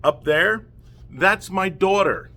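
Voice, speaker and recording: A man's voice: sits high, takes it slowly, sharp tone. A middle-aged man delivers an impassioned, emotional rant straight to the camera as a father, heated and pleading, often checking in with "okay?". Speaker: father speaking out against family courts.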